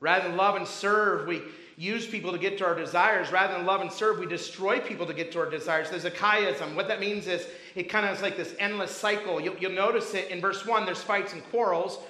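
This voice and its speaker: A man's voice: high voice, fairly quick, few pauses, bright, forceful tone, reverberant, low-quality recording. A man preaching a sermon to a congregation, talking casually and telling stories from camp. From grew up Baptist. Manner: conversational preaching with anecdotes. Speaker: pastor.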